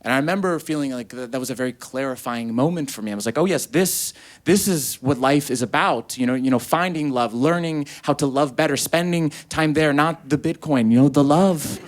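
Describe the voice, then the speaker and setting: A man's voice: mid-range voice, fairly quick, hardly any pauses. A young man performing stand-up comedy, telling a story and quoting people in put-on voices. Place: comedy venue with a live audience.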